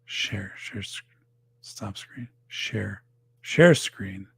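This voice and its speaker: A man's voice: fairly low pitch, lively intonation, very slow, creaky, breathy edge, in a whisper. A man in his forties or older hosting a casual livestream from his home office, rambling with lots of fillers and losing his voice. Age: 40s or older. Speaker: podcast host.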